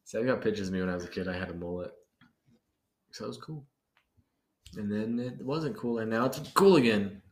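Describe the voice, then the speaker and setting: A man's voice: on the low side, brisk, pauses often. A man co-hosting a podcast, chatting casually and joking his way through rambling tangents. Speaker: podcast co-host. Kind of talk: casual chat.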